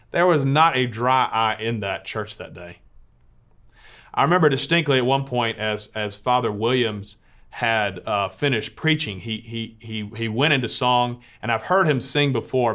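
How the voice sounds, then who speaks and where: Earnest man, mid-pitched, telling a story. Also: a bit bright. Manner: earnest, searching for words with frequent restarts. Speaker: Catholic priest. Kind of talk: reflective storytelling to listeners.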